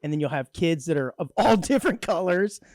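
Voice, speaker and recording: A man's voice: fairly high pitch, expressive, fairly quick, a little mellow, no room sound, studio quality. A man co-hosting a community radio show in casual comedic chat, joking and laughing often. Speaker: radio co-host. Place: radio studio.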